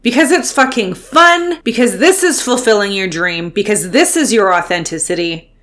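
A woman of middle pitch delivers a solo podcast pep talk, swearing freely and hammering each point home. She speaks as a coach urging listeners to keep showing up. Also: lively intonation, moderate pace, a bit bright. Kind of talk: fired-up motivational monologue.

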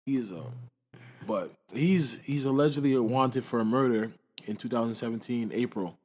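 A man co-hosting a casual radio chat, talking in an animated way and acting out what others said. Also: mid-range voice, normal speed. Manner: animated, quotes people in raised voices.

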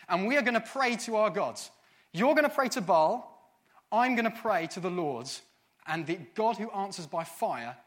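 A man's voice: high voice, a bit bright. A male preacher reading scripture aloud, then explaining it in plain, casual words and acting out the quotes with big swings in volume.

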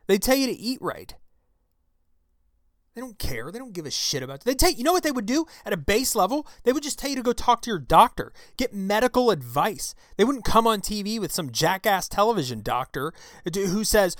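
A man hosting his own talk show, delivering an angry, profane political rant into a close microphone, with shouted outbursts. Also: sits high, sing-song, a little fast, no room sound. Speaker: show host. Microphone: close studio mic.

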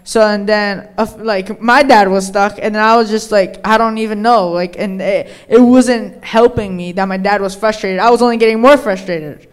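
A man's voice: high voice, fairly even intonation, normal speed, few pauses, smooth. A teenage boy talking candidly in a casual conversation, telling a story with many fillers. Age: teens. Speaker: son, guest.

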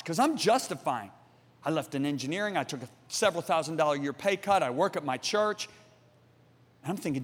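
Male preacher with a high voice and an impassioned, storytelling delivery, recorded in a large echoing hall. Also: expressive, moderate pace, a bit bright. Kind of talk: sermon. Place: church hall with congregation. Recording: long reverb of a large hall.

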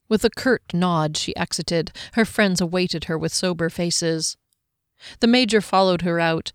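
A narrator reads fantasy fiction in a measured, even way, close to the mic. The voice is smooth and mid-pitched. The recording is dry, with no room sound. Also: dry recording. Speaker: audiobook narrator.

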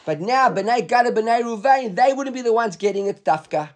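Guy with a high voice going through a talmud page, reads the then explains it. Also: lively intonation, normal speed. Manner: reads Hebrew and Aramaic text aloud then explains in English. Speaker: Talmud teacher.

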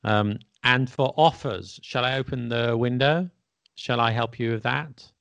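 A man's voice: medium pitch, measured pace, vocal fry, fairly bright tone, clear, resonant tone, no room sound. A man hosting a casual podcast and patiently explaining English grammar, checking in with his listener. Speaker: English teacher and podcast host.

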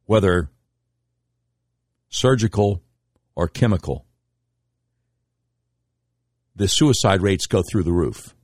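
A middle-aged man hosts a radio talk show with a fairly low voice. He tells his stories emphatically, with a tone of indignation and sharp swings of pitch. The recording is dry and close, with no room sound. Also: expressive, unhurried, breathy edge, no echo. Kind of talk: political commentary monologue.

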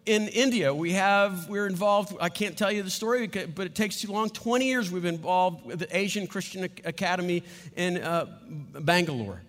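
A man pastor telling stories in a sermon, animated and conversational, laughing between lines. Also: high voice, normal speed, big-room sound. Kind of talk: sermon storytelling.

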